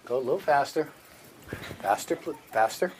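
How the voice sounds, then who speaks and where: A man's voice: mid-range voice, lively intonation, normal speed. A man working as a stage hypnotist, giving commanding, repetitive, playful suggestions to volunteers at a live show. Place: live show before an audience. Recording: noisy live recording.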